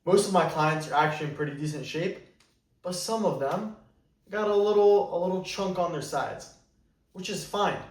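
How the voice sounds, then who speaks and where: A dating coach with a voice that sits high delivers a blunt, emphatic monologue straight to camera at normal speed, repeatedly saying "you better". The mic is at a distance, leaving a roomy echo.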